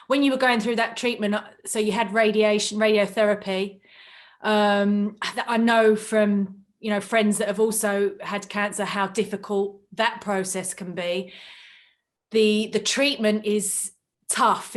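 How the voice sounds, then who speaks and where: Gentle woman interviewer. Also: mid-range voice. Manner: gentle, sympathetic questioning. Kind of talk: interview questions.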